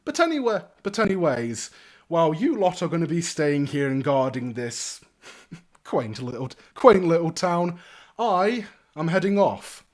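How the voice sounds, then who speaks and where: A bright, boastful young nobleman, put on by a man with a raised pitch and a loud, flourishing delivery. He is naive and upbeat and speaks like a hero off on an adventure. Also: very animated, unhurried. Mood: breezy. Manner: grand, theatrical and upbeat.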